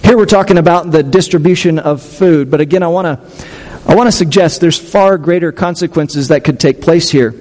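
A man's voice: fairly high pitch, brisk, a little mellow, big-room sound. A man preaching a sermon as pastor, talking in a conversational way with restarts and questions to the congregation.

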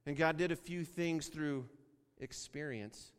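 A man from Wyoming preaching a sermon, telling a story and acting out the dialogue in an animated way. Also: fairly high pitch, measured pace, clear, resonant tone. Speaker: pastor. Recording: long reverb of a large hall.

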